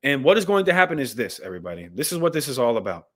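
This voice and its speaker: Very fast and very animated, a man with a medium-pitched, slightly bright voice hosts a livestream where he reads scripture and news aloud. He comments passionately as a Bible commentator, addressing his viewers directly.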